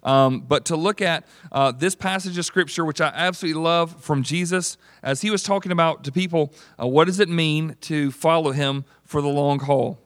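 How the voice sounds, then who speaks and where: A man preaching a sermon in a conversational, animated way, often putting questions to the congregation. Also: on the high side, normal speed, hardly any pauses, dry recording, clean studio sound. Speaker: pastor.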